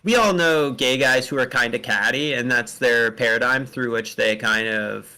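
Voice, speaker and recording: Gravelly, bright-voiced male co-host. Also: medium pitch, normal speed, poor audio. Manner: reflective, hedging, casual. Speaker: podcast co-host. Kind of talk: casual chat.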